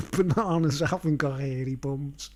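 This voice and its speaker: A man's voice: on the high side, a little slow, a little mellow. A man rambling through a casual vlog monologue in a slightly raised voice. He chuckles at his own jokes and keeps checking in with "you know what I mean", so the talk runs on loosely. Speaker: vlogger.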